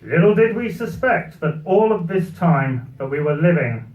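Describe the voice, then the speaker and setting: A man's voice: fairly high pitch, very animated, normal speed, a little mellow. A British man giving a satirical comic speech at a party, with a dry, ironic delivery. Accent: British English. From Britain. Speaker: after-dinner speaker. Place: party venue with live audience. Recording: roomy, distant, muffled live recording.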